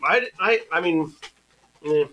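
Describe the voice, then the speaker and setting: A man who plays in a tabletop game, chatting casually and telling stories in an animated way. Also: on the high side, takes it slowly, muffled recording. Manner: animated, lively storyteller. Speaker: player. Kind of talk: casual chat between game turns. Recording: noisy home recording.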